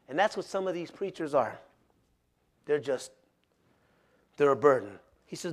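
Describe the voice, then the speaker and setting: A male pastor preaching a sermon in a folksy, plain-spoken way, telling animated stories with frequent laughter. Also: fairly high pitch, moderate pace, long pauses.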